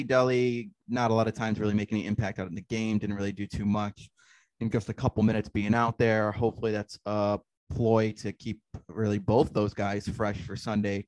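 A man's voice: lowish voice, a little mellow, no room sound. A man hosting a casual sports podcast, recapping the match in a laid-back, rambling way. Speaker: podcast host.

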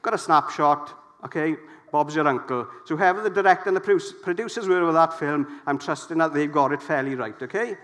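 A middle-aged man preaching a sermon, lively and jokey, putting questions to the congregation. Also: a little high, fairly quick.

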